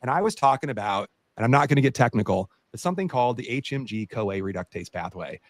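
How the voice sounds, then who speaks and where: A man co-hosting a podcast, a doctor telling an animated story in casual chat with many fillers. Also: mid-range voice, fast, no echo.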